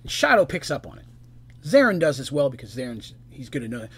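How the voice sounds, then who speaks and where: Husky male game master, relaxed and rambling, narrates a fantasy game on stream. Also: medium pitch, brisk.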